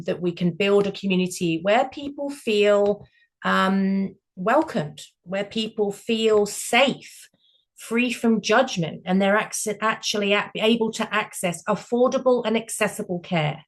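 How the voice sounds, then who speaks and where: Woman, meeting host, mid pitch, upbeat, brisk, video call. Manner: upbeat, brisk, explains step by step. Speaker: project founder and meeting host. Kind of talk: online meeting walkthrough.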